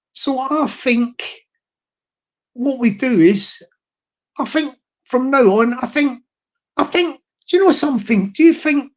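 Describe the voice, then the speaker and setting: A man chatting casually to his viewers as a streamer, rambling and halting with many restarts. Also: very high voice.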